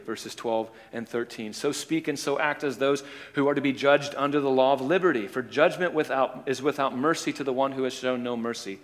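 A man preaching a sermon, acting out the voices of a parable, shifting between loud and soft. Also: medium pitch, big-room sound. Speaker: pastor.

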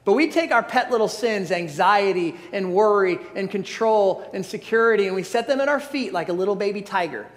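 A man's voice: high voice, a little fast, hardly any pauses. A pastor preaching a sermon, earnest and emphatic, often restarting his phrases. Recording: long hall reverb.

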